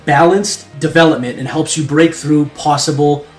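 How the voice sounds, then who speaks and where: A man explaining strength training as a coach, in a casual, quick explanatory delivery. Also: a little high, steady tone. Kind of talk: educational talk to camera. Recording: echoey room with faint music.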